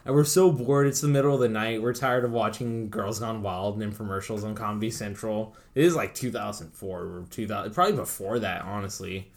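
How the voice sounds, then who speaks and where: A man's voice: on the low side, fairly quick, few pauses. Laughing, profane male storyteller. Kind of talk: casual storytelling chat.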